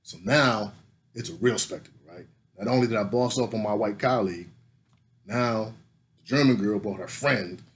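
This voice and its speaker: An American man telling a story in a casual, comic way, swearing a lot and rising to loud indignation. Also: lowish voice, moderate pace. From United States.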